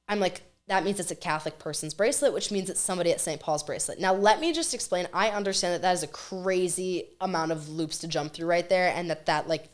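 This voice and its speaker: A young adult woman, a college student guest, telling a story in a casual, animated chat and acting out quotes as she goes. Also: lowish voice.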